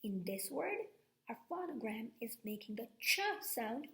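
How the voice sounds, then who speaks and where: A woman teacher giving a slow, patient phonics lesson, checking in with "okay?" and repeating each sound. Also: fairly high pitch, big pitch swings, gravelly, a bit bright, reverberant.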